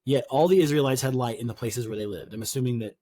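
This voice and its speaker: This podcast co-host talks fast, his medium-pitched voice carrying a dark tone against a dry background with no room sound. He reads scripture out loud, then chats loosely about it and tosses in offhand jokes, keeping the Bible study casual.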